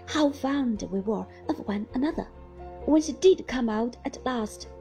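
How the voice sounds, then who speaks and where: A woman narrating a classic novel in an expressive storytelling manner. Her voice sits high and moves very freely in pitch. Soft music plays faintly behind the reading. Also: measured pace. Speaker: audiobook reader.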